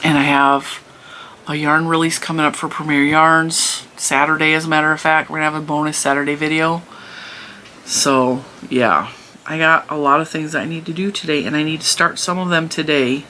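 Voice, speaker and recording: A bright, forceful-voiced woman rambles through a casual home vlog. She chats and laughs easily. Faint background noise hangs behind her. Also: sits low, fairly even intonation, moderate pace. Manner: rambling, chatty, laughs often. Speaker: crochet channel host. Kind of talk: casual chat to camera. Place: home room.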